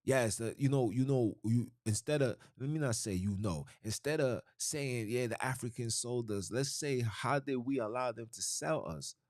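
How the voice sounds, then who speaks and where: A man's voice: mid-range voice, moderate pace, hardly any pauses, a little mellow, no echo, studio quality. A man delivering an emphatic, preachy podcast monologue, often repeating himself and restarting phrases. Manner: emphatic, repetitive, frequent restarts. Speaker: podcast host.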